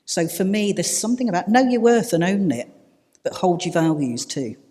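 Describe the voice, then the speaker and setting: Male panelist, slightly high voice, measured and reflective; reverberant hall. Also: sing-song, darkish tone. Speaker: panel speaker.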